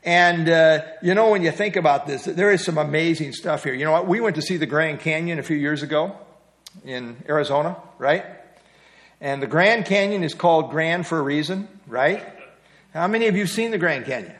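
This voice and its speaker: Middle-aged guy teaching bible study, chatty, tosses questions at the group, kinda high voice. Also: a little fast, a bit bright. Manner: conversational, asks the group questions.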